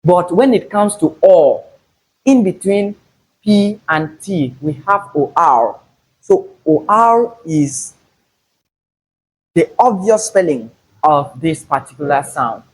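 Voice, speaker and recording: Man, pronunciation teacher, unhurried, slightly husky, stresses each example word. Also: fairly high pitch, animated, rough recording. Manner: slow, deliberate, repeats example words with stress. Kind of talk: phonetics lesson.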